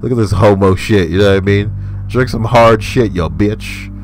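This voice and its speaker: A man's voice: lowish voice, normal speed, faint music behind. A young man hosting a comedy show, giving profane, emphatic, ranting commentary on the stories he reads. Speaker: host reading stories.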